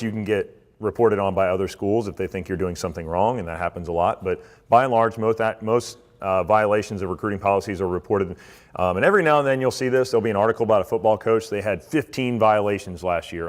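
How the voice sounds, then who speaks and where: Low-voiced man lecturing in a hall. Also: quick pace. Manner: relaxed, conversational, frequent fillers. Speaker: swim coach giving a talk to athletes and parents. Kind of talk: informal presentation. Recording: reverberant hall.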